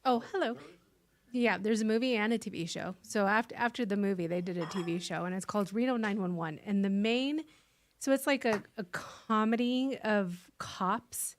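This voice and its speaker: A woman's voice: mid-range voice, normal speed, slight background noise. A woman co-hosting a live stream, explaining things chattily and restarting her sentences. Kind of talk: casual live-stream chat.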